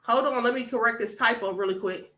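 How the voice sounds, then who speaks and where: The host, a woman, talks casually to members on her live stream, greeting people by name and calling them honey and beloved. Her voice is fairly high, brisk, bright and forceful, and the sound is roomy.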